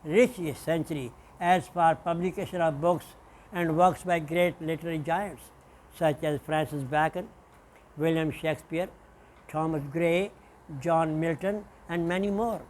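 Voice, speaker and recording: Man, professor, high voice, classroom lecture, deliberate, spells words out. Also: steady tone, darkish tone, a little hiss or hum.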